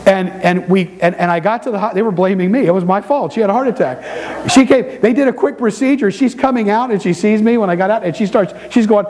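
A middle-aged pastor preaching to his congregation in a church, telling stories with quick asides and repeated words. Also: high-pitched, low-quality recording. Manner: animated storytelling preacher with quick asides and repetitions. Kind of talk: sermon. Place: church sanctuary before a congregation.

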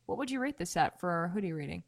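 A woman hosting a casual tech podcast, playful and quick to laugh. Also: fairly low pitch, animated, gravelly. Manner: giggly, playful. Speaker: podcast host.

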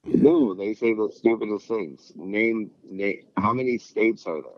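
Man, very low voice, dry and dull sound, rambling, swears a lot, casual chat. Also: measured pace, dry recording. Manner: rambling, swears freely, acts out quotes.

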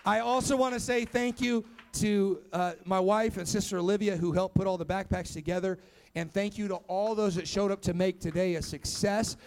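A man's voice: high voice, fairly even intonation, moderate pace, some chatter behind. A young man, a pastor, preaching to kids and adults in a church, telling his story with rising emphatic calls. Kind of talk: sermon to youth and church. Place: church sanctuary.

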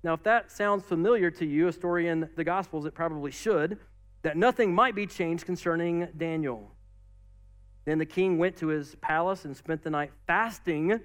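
High-voiced animated preacher man. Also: moderate pace, clear, resonant tone. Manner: animated preaching with casual asides and acted-out quotes. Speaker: pastor. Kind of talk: sermon.

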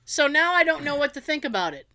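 Talking fast in a high voice, this podcast co-host tells lively stories during a relaxed chat. She's giggly and breaks into laughter frequently.

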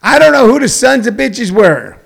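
A middle-aged man hosting a show, delivering a rambling comedic monologue that swings between loud, preachy emphasis and low muttering. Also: big pitch swings, normal speed, creaky, husky. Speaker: show host.

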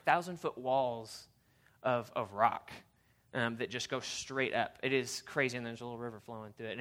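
Bright-voiced man preaching casually. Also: mid-range voice. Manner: chatty and animated, many fillers and restarts. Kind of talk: casual storytelling sermon.

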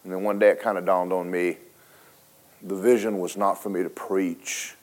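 Preacher man with a low voice. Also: little pitch movement, normal speed. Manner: dramatic storytelling, swings from loud to hushed; folksy, speaks to the congregation directly. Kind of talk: sermon.

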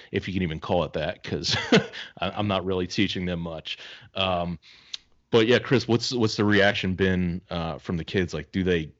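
A man co-hosting a podcast, telling stories in a laid-back way and swearing casually. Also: low-pitched. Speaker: podcast co-host. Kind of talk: casual chat. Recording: dull lo-fi podcast audio.

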